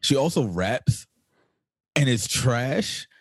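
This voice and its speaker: A man's voice: medium pitch, animated, slow, slightly rough, dry recording. A man co-hosting a podcast, telling stories in loose slangy casual chat with lots of filler. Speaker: podcast co-host.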